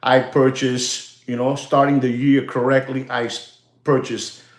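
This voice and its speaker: A man's voice: on the high side, fairly bright tone, roomy sound. Hyped man hosting a live watch show. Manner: hyped, repetitive, salesman-like hype with many fillers. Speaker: watch channel host. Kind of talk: live-stream market update.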